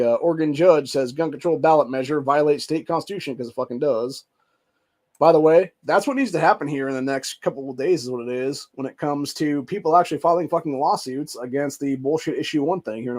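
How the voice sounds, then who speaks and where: A man's voice: mid-range voice, a little mellow. An American man hosting a solo podcast, reading out news headlines and reacting with a profane, ranting and casual manner, often calling listeners "dude". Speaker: podcast host.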